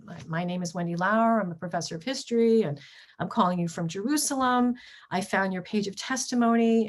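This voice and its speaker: A middle-aged woman, a history professor, giving a lecture with slides, pausing often on ums and restarting her sentences. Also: mid-range voice. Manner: halting, frequent ums and restarts.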